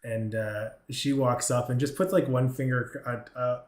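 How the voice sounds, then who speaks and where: A man's voice: medium pitch, steady tone, a little slow. A man running a tabletop game as game master, narrating with a hesitant manner and many fillers. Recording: roomy echo.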